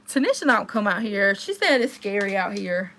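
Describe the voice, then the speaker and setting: A young woman, hosting a casual livestream and chatting with viewers, telling stories and jumping into high exclamations. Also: slow, pushed and bright. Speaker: livestream host.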